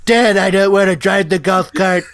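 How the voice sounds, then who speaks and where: A man's voice: sits high, fairly even intonation, moderate pace, fairly bright tone. A man putting on the voice of a mopey teenage son in puberty.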